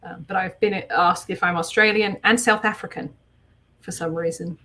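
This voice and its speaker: A woman's voice: fairly low pitch, steady tone, moderate pace, a bit bright, slight background noise. A woman from southeast England with a Kentish accent, chatting casually, her sentences often rising at the end. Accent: Kentish English. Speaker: artist co-host. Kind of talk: casual chat.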